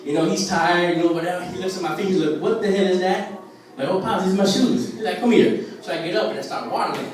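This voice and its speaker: A man's voice: sits high, fast talker, a little hiss or hum. A man doing a stand-up set at an open mic, telling a rambling story loosely with lots of fillers and acted-out voices. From Puerto Rican family in the US. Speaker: stand-up comedian. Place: open mic at a restaurant stage. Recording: very echoey room, voice far from camera.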